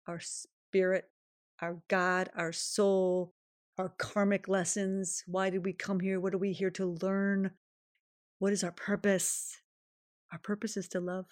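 A podcast host delivers a reflective solo monologue, earnest, emphatic, and self-affirming, her voice shaking with emotion. She speaks slowly in a mid-range voice with flat delivery, recorded at studio quality with no room sound.

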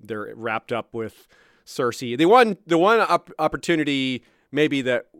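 A man's voice: mid-range voice, expressive, a little slow, fairly bright tone, no room sound, clean studio sound. A man co-hosting a podcast, chatting loosely about fantasy book lore and laughing between points. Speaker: podcast co-host. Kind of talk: casual discussion of fantasy lore.

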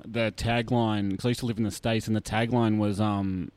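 Man, Australian accent, low voice, dry sound, casual animated podcast chat. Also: normal speed, clear, resonant tone, no room sound. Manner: chatty and animated, many fillers, laughs often. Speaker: guest, brewery tour operator.

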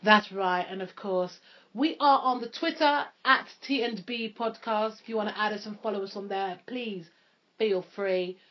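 A woman's voice: mid-range voice, moderate pace. A woman co-hosting a podcast, casual and jokey, slipping into put-on voices. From London, England. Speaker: podcast co-host. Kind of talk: casual chat. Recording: dull lo-fi podcast recording.

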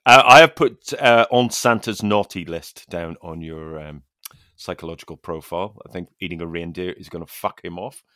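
A man's voice: deep voice, moderate pace, dry recording. A man from Ireland, hosting a comedy interview podcast with a dry, teasing delivery. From Northern Ireland. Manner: deadpan, teasing. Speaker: podcast host.

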